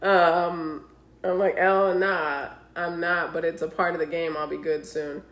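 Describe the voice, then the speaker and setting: A woman's voice: on the low side, unhurried. A woman co-hosting a casual podcast, telling dating stories and acting out the texts with lots of swearing. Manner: animated storytelling, acting out quoted texts, heavy swearing. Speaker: podcast co-host. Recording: roomy echo.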